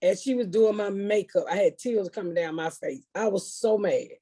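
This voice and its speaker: A woman's voice: medium pitch, moderate pace, dark tone. A woman comedian hosting a podcast, telling stories in a blunt, profane way. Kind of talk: casual chat.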